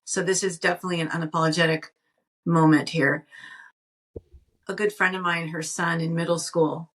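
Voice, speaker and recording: Animated woman podcast co-host, off-mic. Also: on the low side, normal speed. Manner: animated, restarts sentences often. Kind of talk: casual storytelling chat. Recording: voice heard from a distance off the mic.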